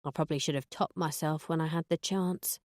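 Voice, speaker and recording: A woman reading a first-person audiobook in a dry, sardonic, deadpan way. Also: sits low, brisk, no echo. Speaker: audiobook narrator.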